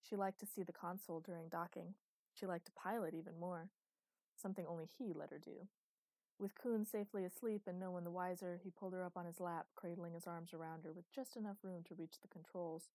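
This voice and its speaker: A woman narrating an audiobook in an even, measured way, in a dry close recording. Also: on the low side, dry recording, low-quality recording. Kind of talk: scripted narration.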